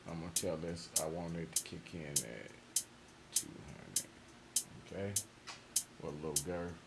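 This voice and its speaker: A man producer talking casually to himself while he mixes a beat, relaxed and muttering, with louder asides to his viewers. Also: extremely low pitch, measured pace, gravelly, loud music behind the voice. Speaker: music producer streaming a mixing session. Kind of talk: casual talk-through while mixing a beat. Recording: loud background noise.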